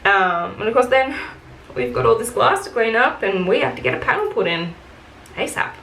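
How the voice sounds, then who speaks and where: Fairly high-pitched and fairly bright, with lively intonation and a moderate pace, a woman beauty vlogger rants casually while applying makeup at home. Her storytelling is full of "like" and "um," colored by vocal fry. Echo fills the room, along with a faint hiss.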